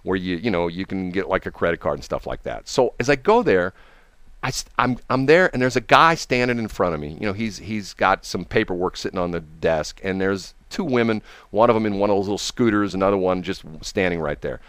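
A man spins a rambling everyday story, slipping into the voices of the people in it. His pitch swings widely as he talks. The sound is close and dry. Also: fairly quick, smooth, no room sound. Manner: animated, acts out quoted people. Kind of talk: casual storytelling.

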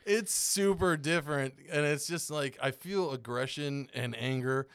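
A man talking as a podcast guest, telling rambling, animated stories and laughing often. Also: a little high, measured pace, clear, resonant tone, dry recording. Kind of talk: casual chat.

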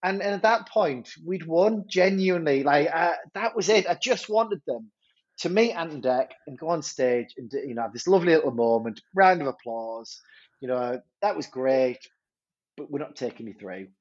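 A head teacher, telling a story in a podcast interview, animated and stumbling over repeated words. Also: male voice, on the high side, moderate pace, dull audio.

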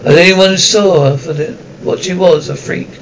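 A shrill, spiteful middle-aged woman rants with years of resentment, played by a man reading a storybook. Her voice rides high and shrieking. It sounds a little back from the microphone. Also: fairly even intonation, moderate pace, recorded from a distance, a little hiss or hum, natural voice, low-quality recording. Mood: bitter.

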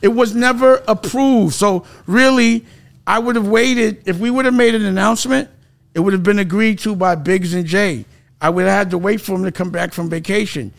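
A man's voice: high voice, normal speed, vocal fry. A middle-aged man in a heated casual conversation, emphatic and argumentative, laughing as he tells stories. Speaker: record label executive guest.

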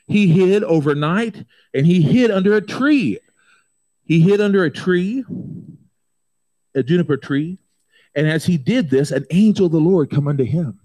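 A man preaching a sermon, telling the story dramatically and breaking into folksy asides, swinging from loud urgency to a hush. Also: on the high side.

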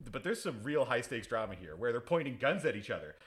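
A man riffing through a movie recap with sarcastic asides and casual swearing. His voice rises and falls in lively swings, and he wanders off on tangents. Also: medium pitch, fast talker. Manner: rambling, sarcastic, swears freely. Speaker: podcast co-host playing defense lawyer.

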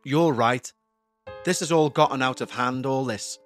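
A man voicing a troubled young man who speaks low, subdued and earnest. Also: measured pace, a bit bright, faint music behind, close to an everyday voice.

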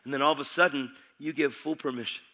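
Male preacher, middle-aged, bright forceful tone, fired-up sermon delivery. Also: mid-range voice, fast. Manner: excitable, preaches with rising intensity.

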